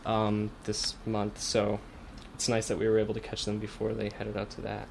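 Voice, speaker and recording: Low-pitched and monotone with some vocal fry, a young band guitarist and songwriter talks at a moderate pace during a casual radio-studio interview. His rambling speech is packed with fillers and restarts, and faint hiss runs underneath.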